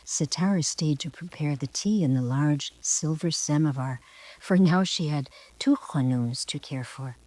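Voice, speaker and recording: An older woman narrating her own storybook in a soft, often whispery way. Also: deep voice, unhurried, no echo, low-quality recording.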